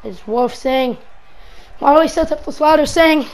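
High-voiced excitable female commentator. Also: normal speed, rough recording. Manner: excitable, shouts at big moves. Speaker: wrestling game commentator. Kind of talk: play-by-play commentary.

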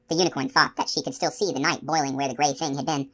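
A woman narrating a fantasy novel aloud in a steady, measured storytelling manner. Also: extremely low pitch. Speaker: audiobook narrator.

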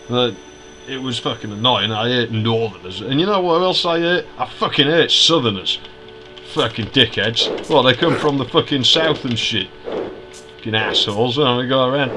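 A let's play host from Hull in Yorkshire, England, gives crude, rambling and profane gameplay commentary in a Hull accent, laughing often. He speaks at a moderate pace with a medium-pitched voice, and game music plays in the background.

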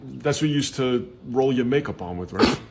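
A middle-aged man, a dad, bantering bluntly with quick comebacks in casual family chat. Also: mid-range voice, lively intonation, creaky, very noisy. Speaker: prank target dad.

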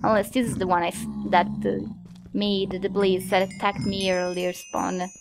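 A young woman commentating her own gameplay, nervous and easily startled, yelping at scares and talking herself calm. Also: medium pitch, normal speed, gravelly, over music. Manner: jumpy, nervous, yelps and laughs at scares. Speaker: Minecraft let's-play host.

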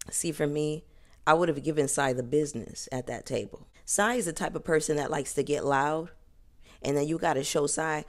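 Sassy low-voiced woman reviewing reality TV. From New York area. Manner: sassy, emphatic, repeats for emphasis. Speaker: reality TV commentator. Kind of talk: casual review monologue.

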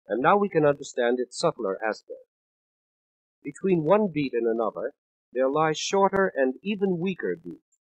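Husky-voiced man explaining with lively inflection. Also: mid-range voice, no echo, low-quality recording. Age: 30s. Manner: explains patiently, counts out beats rhythmically. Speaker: lecturer on music. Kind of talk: scripted spoken lecture on an LP. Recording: 1950s studio record.

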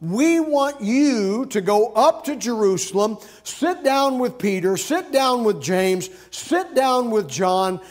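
A preacher voicing determined early church men, urgent and insistent. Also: male voice, high voice, lively intonation, takes it slowly, hardly any pauses.

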